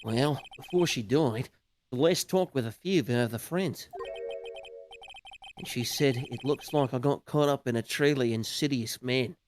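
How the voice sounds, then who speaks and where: A man's voice: medium pitch, normal speed, soft background music, voice pushed down, lightly acted. A man voicing a brawny, boastful male TV actor with a hammy mock-Scottish brogue on a game stream. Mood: confiding.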